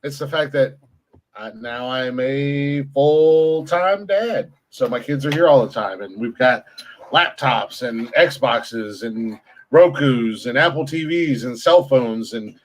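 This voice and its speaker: A man's voice: medium pitch, expressive, takes it slowly, poor audio. A man co-hosting a crude comedy podcast, swearing often, laughing and telling stories with quoted voices. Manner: profane, laughing, tells stories with put-on quotes. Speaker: podcast co-host. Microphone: laptop on phone hotspot.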